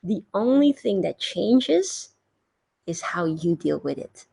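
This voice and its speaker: A woman coaching her online members in a live motivational talk, earnest and animated, acting out inner doubts and cheers. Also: mid-range voice, takes it slowly, gravelly, breathy edge. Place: recorded for a live stream.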